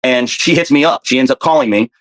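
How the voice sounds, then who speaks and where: Fast-talking man telling a story. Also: mid-range voice, a bit bright. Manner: fast, profane, repeats himself. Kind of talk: casual storytelling.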